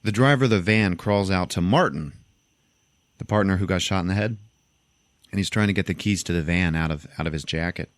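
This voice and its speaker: Male podcast host, deep register, loose laughing storyteller; dry, close recording. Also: brisk, dry recording. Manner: laughing storyteller, acts out lines. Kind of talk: casual film recap.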